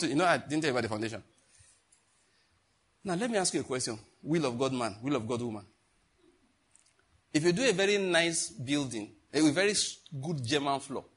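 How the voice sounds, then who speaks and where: A man's voice: medium pitch, a bit bright, husky. A middle-aged man, teaching a sermon in a conversational, joking way and asking the congregation questions. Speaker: pastor.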